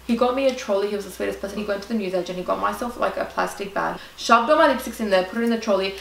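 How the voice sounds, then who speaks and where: Fast-talking Australian woman vlogger. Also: mid-range voice, creaky, roomy sound, far from the mic, a little hiss or hum, poor audio. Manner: chatty, dramatic, full of "like". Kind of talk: storytime vlog.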